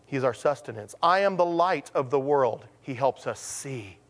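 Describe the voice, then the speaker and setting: A man preaching a sermon as a pastor, telling stories with lively acted-out quotes and slowing down to stress his main points. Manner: animated storytelling, acts out quotes with sudden pitch jumps; slows to a deliberate, emphatic delivery on key points.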